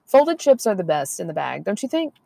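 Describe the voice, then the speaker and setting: A woman's voice: medium pitch, big pitch swings, brisk, gravelly, warm tone, a little hiss or hum. A woman, chatting casually and rambling on a podcast, laughing often. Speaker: podcast co-host. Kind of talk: casual chat.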